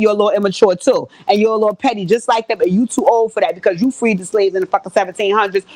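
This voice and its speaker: A woman recapping a reality show in casual, profane, animated chat, talking straight to her viewers. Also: medium pitch, dry recording.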